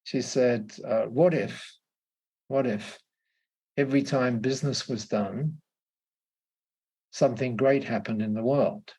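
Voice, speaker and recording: A man, a podcast guest, telling stories in a halting conversational way, repeating words and laughing often. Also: medium pitch, a little mellow, slightly rough. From Australia. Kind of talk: casual conversational storytelling.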